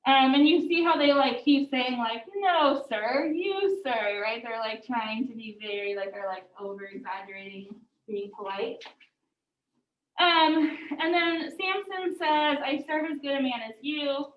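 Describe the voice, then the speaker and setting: A woman teaching a class, casual and chatty, with a lot of "like". Her voice is high. She sounds muffled and distant in an echoey classroom. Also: a little slow. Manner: casual, says "like" often. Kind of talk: classroom lecture.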